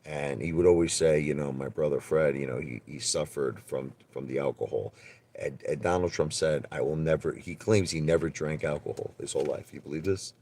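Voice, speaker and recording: Man, very deep voice, rambling, animated storyteller, casual livestream talk. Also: brisk. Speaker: streamer.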